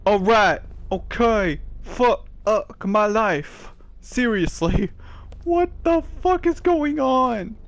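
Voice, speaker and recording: A man playing a horror video game and commenting on it, with loud exclamations and a lot of swearing. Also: high voice, lively intonation, drawn-out words. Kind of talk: let's play commentary.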